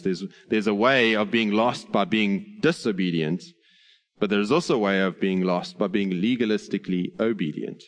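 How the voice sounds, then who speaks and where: A man preaching an earnest sermon, slowing on key phrases and adding light humor. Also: fairly low pitch. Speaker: pastor.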